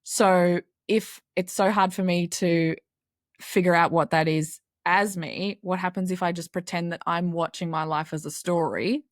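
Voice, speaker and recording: A woman's voice: on the low side, fairly even intonation, a little slow, dry recording, studio quality. A woman podcast host chatting in a curious, self-deprecating way and asking her guest questions. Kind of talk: conversational podcast interview.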